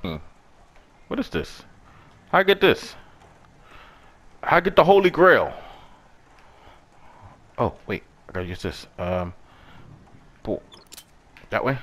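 A young man giving profane, excitable commentary while playing a horror game. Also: mid-range voice, slow, long pauses. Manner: profane, loud outbursts at the game. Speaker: gaming YouTuber.

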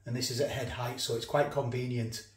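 Here a man with a mid-range, level voice speaks a little fast in a roomy-sounding home kitchen. Cooking and tasting for a casual food review vlog, he's chatty, chews as he talks and keeps restarting his sentences.

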